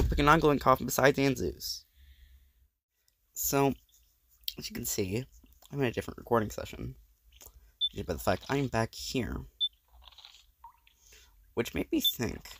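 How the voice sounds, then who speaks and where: Male let's play host with a gravelly, creaky voice, reading game dialogue aloud with stammering dramatic reads. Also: mid-range voice, a little hiss or hum.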